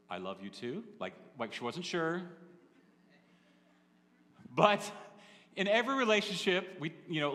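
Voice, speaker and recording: In a church sanctuary, a male pastor preaches a sermon, telling a story in a chatty, conversational way and turning to the congregation with asides. His voice is a little high, pushed and bright, and the recording echoes like a church hall.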